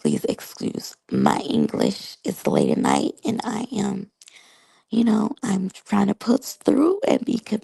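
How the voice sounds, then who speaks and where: Gravelly, animated woman reviewing TV. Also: mid-range voice, slow, no room sound, low-quality recording. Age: 30s. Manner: chatty, talks straight to the audience. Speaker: reality show reviewer. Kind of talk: casual commentary to viewers.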